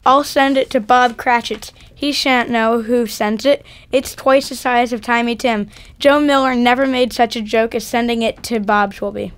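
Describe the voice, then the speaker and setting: An overjoyed old miser turned generous, given voice by a woman reading aloud. He talks in eager bursts with warm exclamations, higher than most readers. It comes across as a heartfelt storybook reading. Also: steady tone, moderate pace, smooth, natural voice. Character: old male miser, newly joyful and generous. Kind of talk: dramatic reading at a church event.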